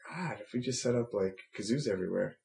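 A man quickly agreeing and playing along with absurd jokes in an improvised comedy chat. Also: on the low side, lively intonation, gravelly, crowd noise.

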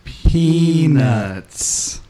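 A man playing a deadpan patient who answers a doctor's questions. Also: a little high, no echo. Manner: deadpan, very slow. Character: slow, deadpan adult patient.

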